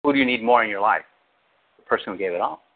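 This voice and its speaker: A male pastor preaching an animated sermon, acting out quotes with big jumps in his voice. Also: fairly low pitch, fast. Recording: tinny phone-like audio.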